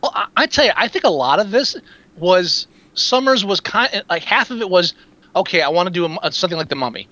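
Animated high-voiced man chatting films. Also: fairly quick. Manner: animated, rambling, acts out quotes. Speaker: podcast co-host. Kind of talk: casual film-review chat. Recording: dull lo-fi recording.

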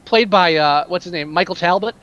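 High-voiced man rambling about films. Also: brisk, a bit bright, highs cut off. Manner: rambling, frequent restarts, profane. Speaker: podcast co-host. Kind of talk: casual film discussion.

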